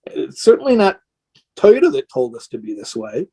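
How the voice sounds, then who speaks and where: A man's voice: mid-range voice, wildly swooping pitch, moderate pace, vocal fry, warm tone, slightly rough. A man speaking as a rabbi in an impassioned question-and-answer talk, earnest and emotional, sounding tired and worn down.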